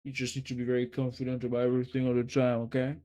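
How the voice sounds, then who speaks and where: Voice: mid-range voice, completely flat delivery, racing, mellow. A streamer with a French accent, chatting casually on a live stream and teasingly giving a viewer a pep talk.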